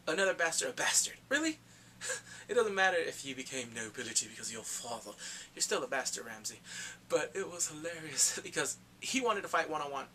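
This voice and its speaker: A man giving a casual, excitable recap of a TV episode, talking in slang and acting out characters in quick asides. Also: a little high, slight background noise. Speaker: TV recap vlogger.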